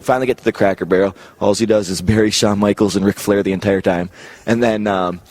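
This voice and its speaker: A man's voice: lowish voice, fairly even intonation, quick pace, darkish tone. A young man, a professional wrestler, telling anecdotes casually in an interview and chuckling often.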